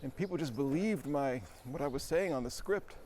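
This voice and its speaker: A man with a slightly high voice talks while riding a bike on a city street. He is out of breath and tells a rambling story, poking fun at himself and chuckling. Faint traffic hums behind him. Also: moderate pace, darkish tone. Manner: rambling, self-deprecating, chuckling. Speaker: vlogger. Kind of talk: casual storytelling while cycling.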